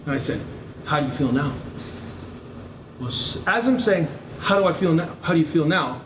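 A man's voice: on the high side, animated, moderate pace, long pauses. A man preaching in a storytelling way, laughing often and acting out what people said. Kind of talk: storytelling sermon. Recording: echoey room, mic far off, noisy.

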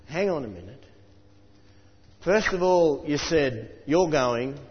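A man preaching a sermon, chatting to the congregation with asides and reading scripture aloud, slowing down for emphasis. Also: a little high, very animated. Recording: dull sound with long reverb in a hall.

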